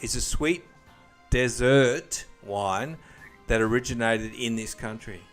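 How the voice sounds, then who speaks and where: A man hosts a casual quiz game for a podcast, with a voice of middling pitch. He reads each clue plainly and then drifts into jokes and banter with the players. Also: slow pace, soft background music. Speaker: quiz host.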